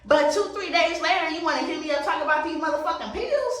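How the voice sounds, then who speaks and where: A woman's voice: high-pitched, lively intonation, quick pace, a bit bright, distant mic. A woman vlogger telling a story in a casual get-ready-with-me chat, blunt, profane and emphatic. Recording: very echoey room, voice set back from the mic.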